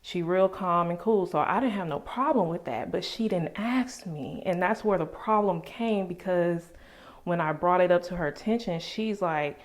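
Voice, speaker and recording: A woman telling a personal story on her vlog in an animated, emphatic way, full of casual slang. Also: fairly low pitch, normal speed. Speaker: vlogger.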